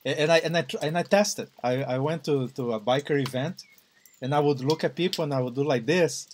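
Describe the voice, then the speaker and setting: A man's voice: fairly high pitch, fairly quick, darkish tone, a little hiss or hum. A man hosting a casual podcast interview, chatty and laughing easily, often repeating words while he searches for the next thought. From United States. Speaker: podcast host.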